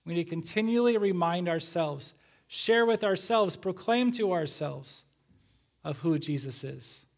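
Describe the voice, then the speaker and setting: A man's voice: sits high, animated, measured pace, vocal fry. A middle-aged male pastor giving an earnest sermon, reading scripture and telling a family story.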